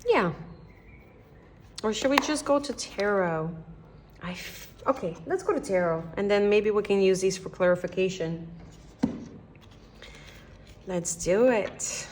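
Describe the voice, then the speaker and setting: Canadian girl doing a tarot reading, chatty and gentle, kinda rambling as she goes, mid-pitch voice. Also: expressive, a little slow, pauses often, a little hiss or hum. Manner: meandering, thinks aloud, restarts often; gentle and encouraging, speaks straight to the viewer. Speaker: tarot reader. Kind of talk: casual tarot reading monologue.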